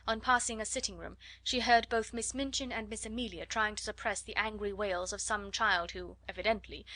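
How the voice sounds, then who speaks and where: A woman narrating a classic children's novel in a measured storytelling manner. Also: mid-range voice, sharp tone, dry recording. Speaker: audiobook narrator. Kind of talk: scripted audiobook narration.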